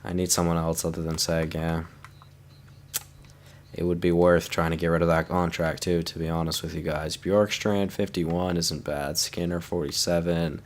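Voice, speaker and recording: A man's voice: low-pitched, little pitch movement, normal speed. A young man casually commenting on his hockey video game franchise, tired and yawning, chatting to his viewers. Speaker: gaming YouTuber.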